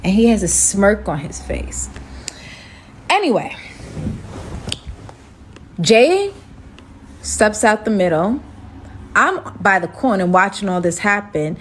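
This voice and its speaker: A woman telling a dramatic story in a casual storytime style, animated and jumping high in pitch when she quotes herself. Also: takes it slowly, long pauses, slight background noise.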